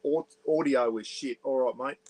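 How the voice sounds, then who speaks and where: A man's voice: mid-range voice, moderate pace, darkish tone, rough recording. An Australian man hosting a casual livestream from a caravan on an iPad, chatting loosely, greeting viewers and reading their comments aloud while keeping his voice down. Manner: keeps voice down for neighbours. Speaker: livestream host. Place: small caravan, indoors.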